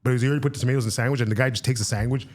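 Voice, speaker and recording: A man telling quick, lively anecdotes in casual chat. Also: mid-range voice.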